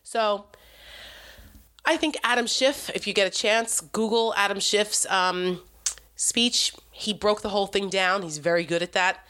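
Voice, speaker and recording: A woman's voice: mid-range voice, a little slow, sharp tone. A woman giving an opinionated, sarcastic political commentary monologue, talking with exasperation and emphasis.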